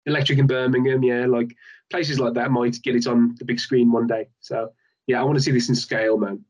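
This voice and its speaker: A man in a casual film chat, rambling with lots of restarts and fillers, getting animated. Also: medium pitch, fairly quick, highs cut off.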